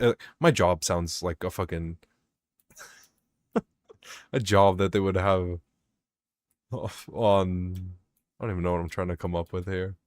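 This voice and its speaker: A man's voice: fairly low pitch, no room sound, studio quality. A young man rambling and swearing as he vents about work over his gameplay commentary. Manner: rambling, swearing, venting, self-mocking. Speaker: gaming vlogger.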